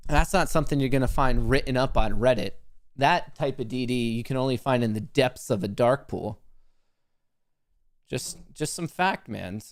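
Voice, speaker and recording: A man's voice: mid-range voice, no room sound, clean studio sound. A man hosting a live stock market stream, chatting in a joking, rambling, self-mocking way.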